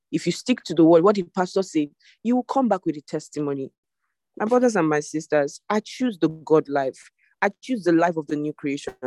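A devotion leader preaches an online sermon over a video call. The voice sits at a middling pitch and repeats its exhortations with emphasis. The sound is dry, with no room echo. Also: a little mellow.

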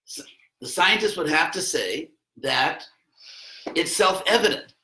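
Bright-voiced man lecturing in an echoey room. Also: on the high side, animated, measured pace. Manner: rambling, conversational, with wry asides. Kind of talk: informal classroom lecture. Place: classroom.

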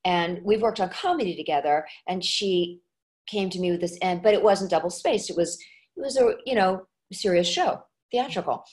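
A woman who coaches dialects, chatting as an interview guest and jumping into quick acted examples as she explains. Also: on the low side. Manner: animated, acts out voices when giving examples. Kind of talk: casual interview chat.

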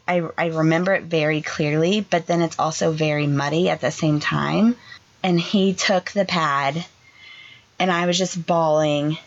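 A young adult woman, a podcast co-host, tells an emotional personal story in a halting way, full of "like" fillers. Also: fairly low pitch. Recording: dull lo-fi sound.

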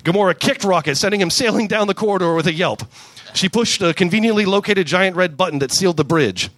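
A man doing a deadpan comic reading of a crude story at a live show. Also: high-pitched, fast, dry recording. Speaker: comedian reading fan fiction. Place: live comedy venue.

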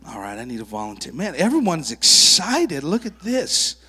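A man's voice: fairly high pitch, moderate pace, slightly rough. A male preacher in a church sanctuary, telling miracle testimonies and calling up child volunteers at a kids camp. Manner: animated storyteller who works with child volunteers. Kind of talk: sermon with testimony stories.

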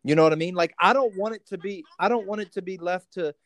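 A man from Texas hosting a casual recovery podcast from home over a call, telling stories in an animated way with many restarts. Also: high voice, fast. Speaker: podcast host.

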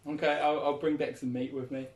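A man's voice: a little high, little pitch movement, fairly quick, echoey room. A man playing a tabletop game who talks in a dry, hesitant way. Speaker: player.

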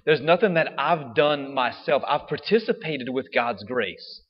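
A man's voice: medium pitch, expressive, measured pace. A man giving a casual homily, chatting with the congregation and often adding "right?" to his points. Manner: conversational, frequent "right?" tag questions. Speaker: priest. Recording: dull sound with long hall reverb.

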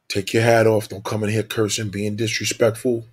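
A man's voice: fairly low pitch, level tone, moderate pace, husky. A man playing a kindly street-wise male angel who coaxes and reassures a friend in trouble. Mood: reassuring.

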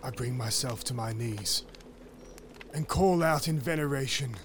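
A man playing a devout wizard narrating his tale in a solemn, mock-epic way, at times shouting proclamations. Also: mid-range voice, unhurried, a little hiss or hum, lightly acted. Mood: brooding. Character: wizard narrator, devout, obsessive, later frenzied. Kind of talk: first-person dramatic storytelling.

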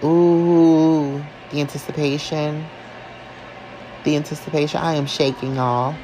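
A man reacting live as a fan, excitable and emotional, talking casually and sassily to his viewers. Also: a little high, normal speed, poor audio. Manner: casual and sassy, calls listeners y'all and honey. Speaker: wrestling fan vlogger.

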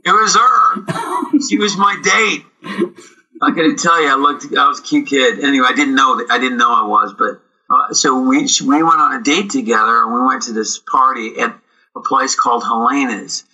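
A middle-aged man from Canada, a guest actor telling lively anecdotes and acting out quoted dialogue. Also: medium pitch, normal speed, husky, muffled recording. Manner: animated, acts out quoted dialogue. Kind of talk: casual storytelling interview.

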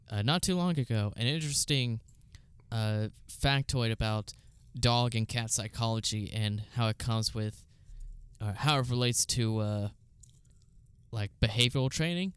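A man co-hosting a casual chat, rambling with lots of fillers and deadpan asides. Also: on the low side, measured pace, clean tone, dry recording. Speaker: podcast co-host.

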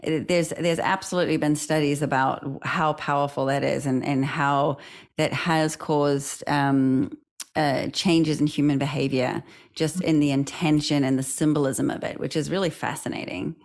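A woman's voice: deep voice, steady tone, moderate pace, a little mellow. A woman hosting a podcast, who reflects on ideas and asks curious questions in a casual interview. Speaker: podcast host.

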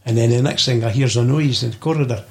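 As a guest on a podcast, an older man with a Scottish accent tells meandering stories peppered with swearing. He speaks fast in a mid-range voice with a darkish tone.

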